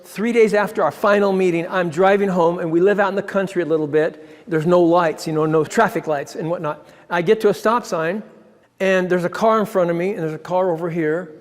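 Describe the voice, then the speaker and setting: A man, a ministry founder, telling a personal story in an excitable way, often restarting his sentences and chuckling. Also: high voice, fairly quick. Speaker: ministry founder giving a talk. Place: church hall. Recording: long hall reverb.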